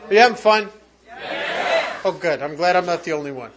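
A man's voice: sits high, expressive, a little fast, a crowd in the background, noisy background. A man speaking at a recovery meeting, telling a humorous personal story in a conversational, wry way with frequent restarts.

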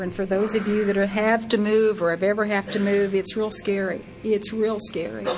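An older woman sharing her recovery story as a personal testimony, lively and acting out her own past thoughts in quotes. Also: mid-range voice, background noise.

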